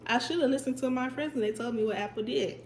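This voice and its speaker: A young vlogger with a high-leaning voice talks fast as she tells a storytime, chatty and animated with lots of emphatic repetition. Her voice is a little stuffy and drops in and out. The sound is roomy, with slight background noise.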